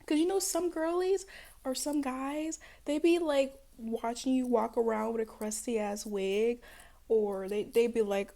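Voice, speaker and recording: Sassy, blunt young woman with a high voice. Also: moderate pace, mellow. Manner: sassy, blunt and playful, with swearing and laughter; acts out other people's voices in jumps of pitch. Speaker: spiritual self-help vlogger. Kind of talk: casual direct-to-camera pep talk.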